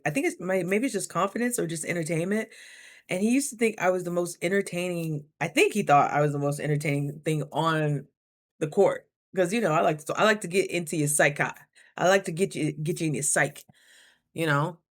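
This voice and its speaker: A young adult woman in a casual storytelling vlog, chatty and laughing often, with lively quoted asides. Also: on the low side. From Idaho. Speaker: vlogger.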